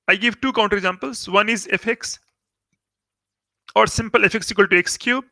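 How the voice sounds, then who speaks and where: A man's voice: high-pitched, moderate pace, vocal fry, pushed and bright, dry recording. A man with an Indian English accent teaching calculus in a recorded lecture, explaining step by step and repeating key words for emphasis. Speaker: maths teacher.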